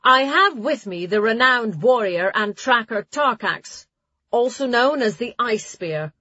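A woman voicing a stern, commanding older abbess who gives a formal address to young novices. She speaks with a husky voice. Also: fairly high pitch, lively intonation, a little slow, sharp tone, dry recording, highs cut off, voice pushed up, exaggerated voice.

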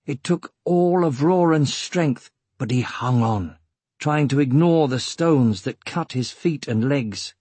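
A man narrating an audiobook with measured, steady storytelling. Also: mid-range voice, slightly rough, dry recording. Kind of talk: scripted narration.

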